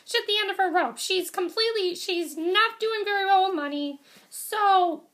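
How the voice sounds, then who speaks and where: A woman's voice: very high voice, normal speed, fairly bright tone, slight background noise. A woman giving a casual, enthusiastic movie review vlog, rambling with many fillers and restarts. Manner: enthusiastic, gushing praise.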